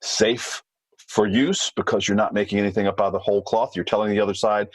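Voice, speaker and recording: A man being interviewed as a former hostage negotiator, explaining in a measured way with thinking fillers. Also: on the low side, fairly even intonation, slightly rough, dry recording, poor audio. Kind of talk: podcast interview.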